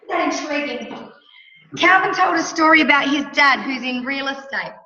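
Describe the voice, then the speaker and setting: A middle-aged Australian woman coaching with emphatic, animated talk, often checking in with her listener. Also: high-pitched, moderate pace. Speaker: mentor and coach. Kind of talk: motivational coaching chat. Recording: echoey room, dull lo-fi sound.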